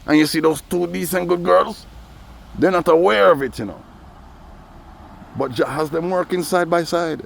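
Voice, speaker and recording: A vlogger speaking at normal speed in a slightly high, gravelly voice pauses often as he rambles through a casual outdoor monologue. He tosses in "you know" every few phrases, while faint traffic hums behind him.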